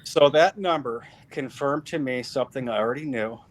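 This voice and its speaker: A man's voice: medium pitch, moderate pace, slight background noise, rough recording. A middle-aged man giving a personal faith testimony as an interview guest, telling it emphatically and repeating phrases for weight.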